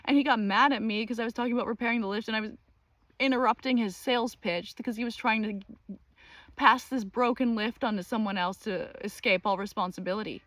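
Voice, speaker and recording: A woman's voice: a little high, brisk, no echo. Woman vlogger telling an exasperated story. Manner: animated, exasperated retelling with many fillers. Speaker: channel host. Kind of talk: casual storytelling monologue.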